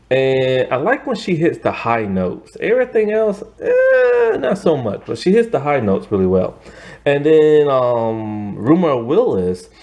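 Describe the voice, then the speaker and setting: A man's voice: mid-range voice, darkish tone. A man giving a casual, opinionated movie review, rambling with lots of "like" and "you know". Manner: chatty, rambling, heavy use of "like" and "you know"; emphatic, opinionated.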